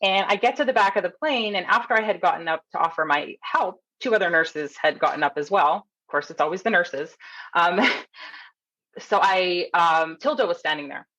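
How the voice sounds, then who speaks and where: Animated woman telling a story. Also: on the low side, moderate pace, highs cut off. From Canada. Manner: animated storyteller, acts out quotes, laughs often. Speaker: guest, nurse coach. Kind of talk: casual storytelling interview.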